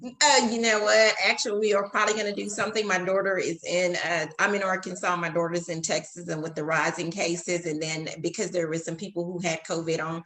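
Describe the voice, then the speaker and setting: A woman's voice: fairly low pitch, flat delivery, brisk, a bit bright, reverberant. A middle-aged woman speaking as a guest in a casual panel discussion, in a conversational way.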